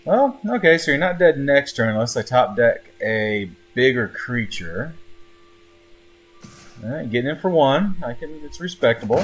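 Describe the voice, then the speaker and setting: Chatty man commentating his card game. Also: mid-range voice. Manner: chatty, talks to his opponent as he plays. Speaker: gameplay commentator. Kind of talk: casual live gameplay commentary.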